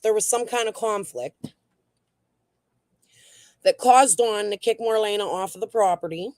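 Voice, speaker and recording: A woman's voice: medium pitch, a little slow, a little mellow, dry recording. A woman hosting a casual true crime livestream and reading the chat, talking in a blunt, heated way that is full of swearing.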